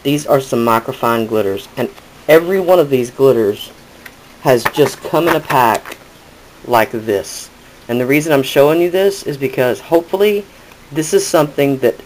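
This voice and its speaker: A man's voice: mid-range voice, animated, normal speed, a little mellow, slight background noise, rough recording. A man hosting a casual crafting tutorial, chatting and correcting himself as he demonstrates. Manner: chatty, rambling with self-corrections.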